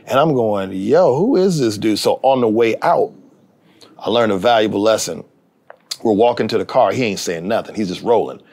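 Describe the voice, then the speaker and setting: A man's voice: fairly low pitch, normal speed. A middle-aged man, a TV writer and actor, telling a story in a casual interview, acting out the people he quotes. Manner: animated, acts out quoted voices.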